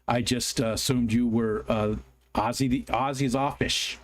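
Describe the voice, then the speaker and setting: Unhurried and steady, his voice at medium pitch, a US man hosts a laid-back livestream and reads comments from viewers aloud. His talk is rambling and apologetic, peppered with ums and restarts.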